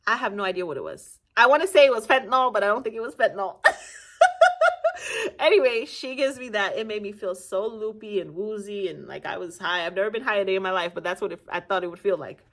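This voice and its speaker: A woman's voice: medium pitch, fast talker. A young adult woman from Nigeria, casually telling a personal story on her channel, laughing often and acting out what people said. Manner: animated, laughing often, acting out quoted voices. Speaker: vlogger.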